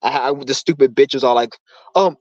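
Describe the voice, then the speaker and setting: A man's voice: medium pitch, fairly quick, a little mellow, no echo, muffled recording. A young man hosting his own channel, ranting in a heated, profane, rambling way. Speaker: channel host. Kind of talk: casual rant on a live stream.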